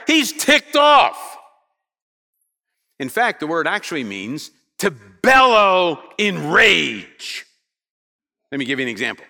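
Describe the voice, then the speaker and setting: A man's voice: sits high, pushed and bright. A man preaching a sermon to a congregation, telling stories animatedly and asking the room questions. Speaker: pastor. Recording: reverberant hall sound.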